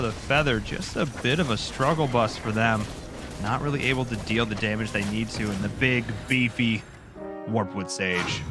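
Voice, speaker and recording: Man casting esports with jokey energy. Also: mid-range voice. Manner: animated, jokey, rambling with fillers. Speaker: esports caster. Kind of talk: live esports commentary.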